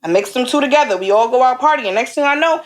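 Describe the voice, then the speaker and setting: Young woman on a podcast telling a story, blunt and cussing a lot, gets really animated. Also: high-pitched, fast. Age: young adult. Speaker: podcast co-host. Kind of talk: casual storytelling chat.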